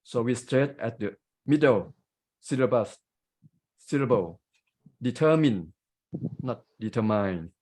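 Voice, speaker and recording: Slow Thai-accented man explaining grammar. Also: medium pitch, darkish tone, husky, rough recording. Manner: slow, careful, explaining with examples. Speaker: grammarian at a club meeting. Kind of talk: giving grammar and pronunciation feedback. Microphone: video call.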